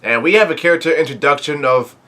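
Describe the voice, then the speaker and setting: Fast and a little high, this man's bright, forceful voice reads comic panels aloud as he casually recaps a manga chapter. He rambles, with lots of fillers and restarts.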